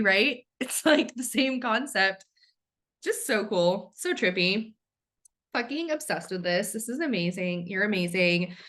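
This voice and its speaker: A woman's voice: medium pitch, a bit bright. Woman podcast host, super bubbly and gushy, swears a lot, casual chat.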